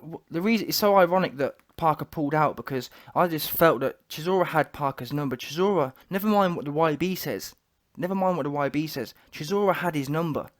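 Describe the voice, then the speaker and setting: A man giving casual, opinionated boxing reaction commentary, full of slang, restarts and trash talk. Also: a little high.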